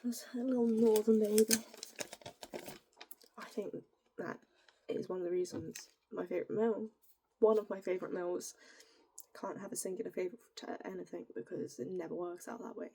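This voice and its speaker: A young woman with a northern English accent, musing in a rambling, giggly way and slipping into soft, whispery asides. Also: mid-range voice, fairly even intonation, moderate pace, pauses often, slightly rough. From northern England. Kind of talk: casual musing monologue.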